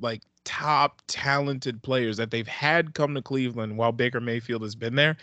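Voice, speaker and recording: A man co-hosting a casual podcast chat, relaxed and agreeable, trailing off into asides. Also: mid-range voice, moderate pace, dry recording, muffled recording. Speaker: podcast co-host.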